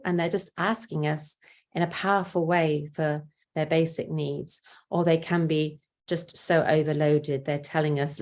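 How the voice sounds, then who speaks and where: An older woman with a low, grounded voice gives parenting advice in a gentle, patient way. She explains calmly and steps into short spoken examples of what a parent might say to a child. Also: normal speed. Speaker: parenting speaker. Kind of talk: parenting talk.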